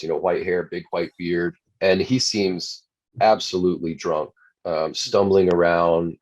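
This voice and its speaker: A man's voice: deep voice, darkish tone. A man telling a personal story as a talk show guest, earnest, often restarting his phrases. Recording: dull lo-fi sound.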